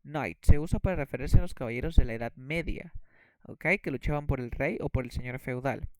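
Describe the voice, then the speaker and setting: A man's voice: medium pitch, fast talker, dry recording, rough recording. A man whose first language is Spanish, teaching English vocabulary and often checking in with "okay?". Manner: repeats words, checks in with "okay?". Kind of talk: bilingual lesson explanation.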